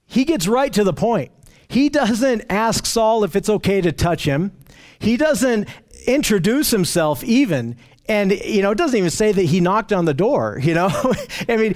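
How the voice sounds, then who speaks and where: Male Bible teacher, high-pitched, emphatic and earnest; restarts often mid-sentence. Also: darkish tone.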